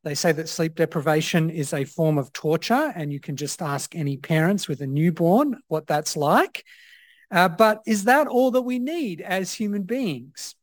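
Pastor, measured sermon delivery. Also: male voice, a little high, no room sound. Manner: measured, reflective, with frequent "uh" fillers.

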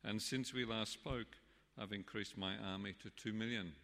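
Man playing a stiff, pompous dictator, low forceful voice, church reverb. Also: fairly even intonation, normal speed, creaky. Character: pompous male military dictator.

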